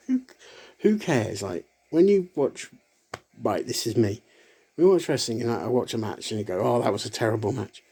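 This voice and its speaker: A man rambling casually to camera in a solo vlog, halting and restarting often and breaking into laughter. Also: medium pitch, gravelly, mellow, slightly rough. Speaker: vlogger.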